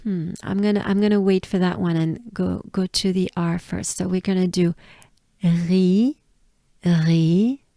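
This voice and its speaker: A woman from France with a French accent, patiently teaching pronunciation and repeating each sound slowly. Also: fairly low pitch, steady tone, dark tone, no echo, studio quality. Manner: patient, drills words by repeating them. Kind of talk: slow pronunciation lesson.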